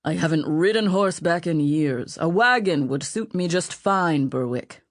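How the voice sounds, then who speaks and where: A woman's voice: on the low side, lively intonation, normal speed, no room sound, clean studio sound, close to an everyday voice. Woman playing a whining plump spy. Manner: whining, complaining. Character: plump whining middle-aged male spy.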